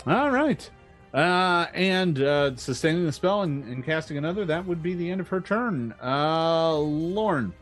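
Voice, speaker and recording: A man narrating as game master in a relaxed, joking way, with many fillers. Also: on the high side, a little slow, faint music behind.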